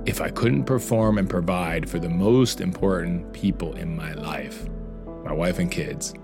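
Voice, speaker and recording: A man's voice: low voice, a little slow, vocal fry, over music. A middle-aged man narrating his own life story in an earnest, confessional way. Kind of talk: emotional personal narration.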